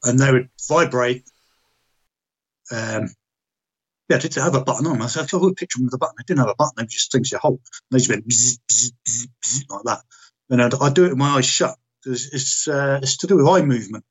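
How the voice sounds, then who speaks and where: Husky man telling a blunt story. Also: mid-range voice, fast. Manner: blunt, heavy swearing, reenacts dialogue. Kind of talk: casual storytelling chat.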